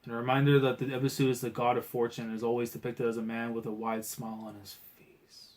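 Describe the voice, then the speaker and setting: A man hosting a live reaction to a comic chapter. He reads it aloud and talks in a casual, slangy way that swings from low muttering to loud outbursts. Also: fast, slight background noise. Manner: excitable, swings from muttering to shouting; casual slangy talk, keeps saying bro. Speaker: manga reaction channel host.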